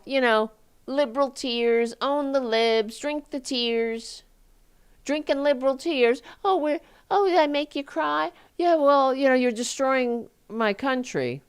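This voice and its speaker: A woman hosting a live talk show, ranting angrily with profanity and sarcastic mocking asides into a desk microphone. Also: clean tone. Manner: heated, profane, sarcastic, voice jumping high in mockery. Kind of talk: angry political rant on a live show.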